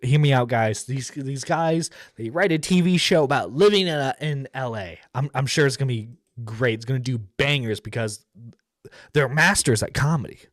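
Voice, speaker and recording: A man's voice: medium pitch, animated, moderate pace, no room sound, clean studio sound. A man giving casual, rambling commentary as a streamer reacting to a video, with lots of fillers and blunt profanity.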